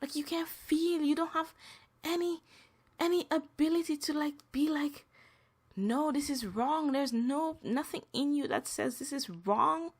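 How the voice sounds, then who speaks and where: A woman hosting a solo podcast, venting emphatically and repeating herself, her pitch rising when upset. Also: a little slow. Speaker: podcast host.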